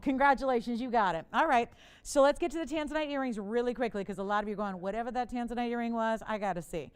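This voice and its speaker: A woman hosting a live TV jewelry shopping show, pitching an auction in a chatty, playful way, laughing often and urging bidders on. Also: fast, clean tone. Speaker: TV shopping host. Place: TV studio.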